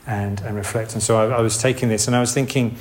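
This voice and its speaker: A man's voice: on the low side, steady tone, fast talker. A man giving a casual, rambling sermon. He restarts often and makes asides. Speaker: preacher. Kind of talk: informal sermon.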